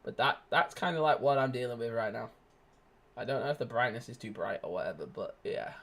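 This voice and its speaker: A man's voice: mid-range voice, lively intonation, brisk, fairly bright tone. Young guy streaming a shooter, goofy and rambly, voice swings way up and down, squeals and laughs a lot. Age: young adult. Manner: goofy, rambling, bursts into shrieks, laughter and sung snatches. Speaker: gaming streamer. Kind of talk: casual live gameplay commentary.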